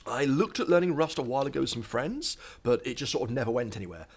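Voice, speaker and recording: Brief: husky young male coder, slightly winded, chatty live-stream explainer with a lively, up-and-down delivery. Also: medium pitch, quick pace. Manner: thinks aloud, chatty with frequent ums and asides. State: out of breath. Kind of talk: live coding stream commentary. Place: home office at a standing desk.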